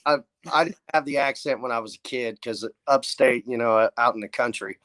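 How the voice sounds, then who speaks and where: A man from upstate New York, co-hosting a podcast, making his points in opinionated, drawn-out talk. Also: medium pitch, a bit bright, no room sound. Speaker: podcast co-host.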